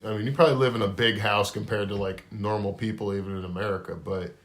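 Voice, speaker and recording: A man co-hosting a podcast in casual chat, laid-back and drawn-out, swearing offhandedly. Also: fairly low pitch, steady tone. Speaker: podcast co-host. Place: garage.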